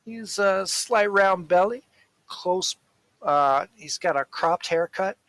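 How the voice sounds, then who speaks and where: A man narrating a tabletop role-playing game as game master, in a slow, rambling, casual way with fillers. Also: high-pitched, fairly bright tone, no room sound, rough recording.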